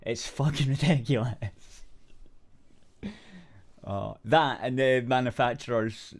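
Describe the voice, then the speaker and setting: Co-host, man, mid-pitched, loose sweary chat, quick interjections. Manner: swears freely, interjects corrections. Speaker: podcast co-host. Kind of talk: casual chat.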